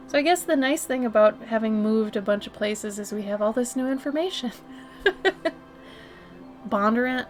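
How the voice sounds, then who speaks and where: A woman in her thirties from Minnesota, with a slight Minnesotan accent, chatting casually as she answers her live-stream chat. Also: a little high. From Minnesota, USA. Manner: chatty, reads and answers chat, gushes and giggles. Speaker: art streamer.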